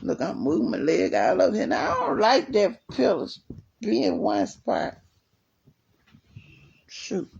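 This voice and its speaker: A woman hosting a casual livestream from home, chatting and reading viewer comments while telling a story in a lively way. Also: medium pitch, a little slow, vocal fry, long pauses, lo-fi sound, a little hiss or hum. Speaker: livestream host. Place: at home, resting with leg elevated.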